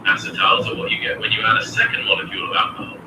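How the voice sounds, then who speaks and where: A man's voice: very fast, roomy sound, distant mic, heavy background noise. A computer voice of a man acting as a chemistry tutor, polite and formal as he quizzes a student.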